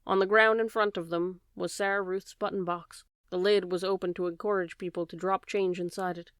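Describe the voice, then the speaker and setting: A woman reading a children's novel aloud with steady, gentle narration. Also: lowish voice, fairly quick, clean tone, no echo, clean studio sound. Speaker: audiobook reader. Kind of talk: storybook narration.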